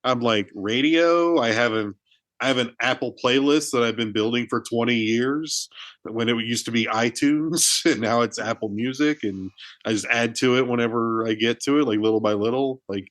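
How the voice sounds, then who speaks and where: Speaking at a normal speed in a steady, mid-range, fairly bright voice, a man co-hosts a casual film podcast. He's a chatty storyteller who keeps saying "like" and restarting his sentences, and there's no echo.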